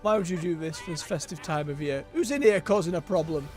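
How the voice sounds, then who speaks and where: Over background game music, a man livestreams himself playing an online role-playing game. His voice runs on the high side and a little mellow, and he talks fast, chatting casually and thinking aloud.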